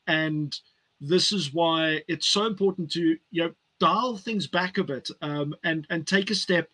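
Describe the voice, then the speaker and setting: A man hosting an online event over a video call, talking in a relaxed way with many fillers. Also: a little high, a little slow. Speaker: host.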